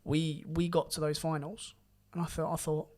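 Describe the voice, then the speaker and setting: A young man telling his story in a casual podcast chat, animated and swearing now and then. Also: on the high side, normal speed. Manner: animated, rising loud when excited, swears casually. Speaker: podcast guest karate champion.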